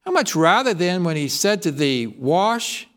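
A man's voice: fairly high pitch, very animated, moderate pace, a bit bright, smooth. A man preaching a sermon, reading scripture aloud and asking the congregation questions. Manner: reads scripture aloud in King James wording.

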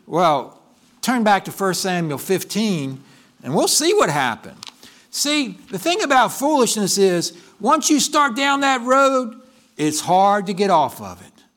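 A male pastor delivering a sermon, telling a story in an animated way and often correcting himself mid-sentence. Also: high-pitched, a little slow. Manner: animated storytelling, with frequent restarts and self-corrections.

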